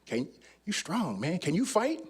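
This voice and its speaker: A man puts on a streetwise gang member who pushes and calls out in slang, his voice jumping up high. He sounds bold and lively. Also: a little slow, husky, heavily acted. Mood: pushy. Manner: slangy street talk, pushy recruiting.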